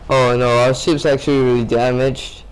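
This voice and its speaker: A man's voice: medium pitch, little pitch movement, moderate pace, smooth, poor audio. A sleepy young man commenting casually on his gameplay, rambling to himself and swearing. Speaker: gamer.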